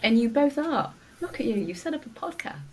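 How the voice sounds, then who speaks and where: Speaking fairly quickly with a higher, slightly rough voice and big pitch swings, a middle-aged doctor and coach talks earnestly and encouragingly as a podcast guest, saying "you know" a lot in a warm interview. She's recorded from a distance, a bit off-mic, with faint noise and poor overall audio.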